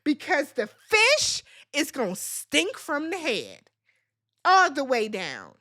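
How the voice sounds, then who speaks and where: A woman's voice: high-pitched, wildly swooping pitch, takes it slowly, pushed and bright. A woman hosting a reality TV recap, talking in a blunt, sassy and profane way. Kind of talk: casual recap commentary.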